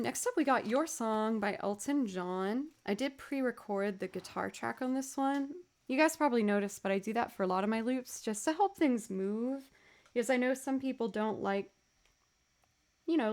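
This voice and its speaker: A woman chatting casually on a livestream, tired and yawning, rambling and thanking viewers as she goes. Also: on the high side. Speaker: streamer and musician.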